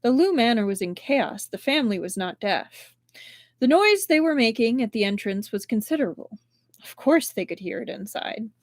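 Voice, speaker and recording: Expressive woman reading a novel aloud. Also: a little high, no echo. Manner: expressive, with strong shifts in loudness. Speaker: book reader and livestream host.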